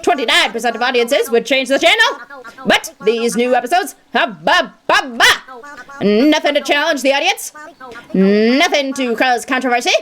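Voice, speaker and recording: A woman voicing a smug, fast-talking TV network scout cowpoke in a video game, rattling off audience statistics. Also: high voice, lively intonation, a bit bright.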